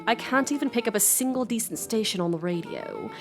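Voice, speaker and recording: A sulky, sarcastic teenage girl, voiced by a woman streamer. She drawls her complaints with a higher, lighter voice, and faint game music plays underneath. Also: expressive, brisk, natural voice.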